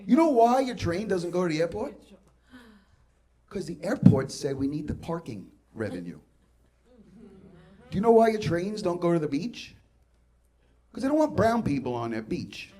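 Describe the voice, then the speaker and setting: A Queens native with a high, slightly mellow voice performs profane, brash stand-up comedy on a club stage. He acts out dialogue, and the live recording carries the crowd's laughter.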